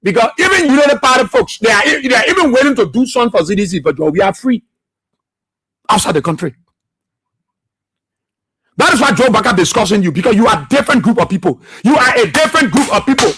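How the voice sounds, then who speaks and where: A man's voice: very high voice, animated, fast, pauses often, a bit bright, breathy edge. A man hosting a political radio talk show, impassioned and repetitive, firing rhetorical questions and laughing often.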